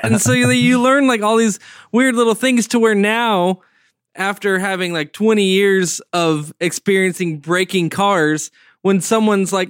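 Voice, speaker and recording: A man with a fairly high, smooth and resonant voice, chatting casually on a podcast. He tells relaxed stories and mimics other people's lines. The sound is dry and close. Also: brisk, dry recording. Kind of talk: casual chat.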